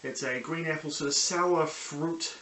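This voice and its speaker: A man's voice: a little high, measured pace, sharp tone. A young man with a New Zealand accent hosting a casual solo review show, rambling enthusiastically with lots of ums and restarts. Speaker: podcast host. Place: small sunny room at home. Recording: echoey room with faint background hiss.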